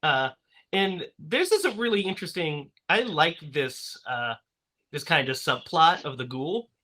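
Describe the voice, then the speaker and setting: Male podcast host, slightly high and bright, loose and rambling delivery with lots of "um" and "like.". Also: expressive. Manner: rambling, filler-heavy, quick to laugh. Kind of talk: casual movie-review chat.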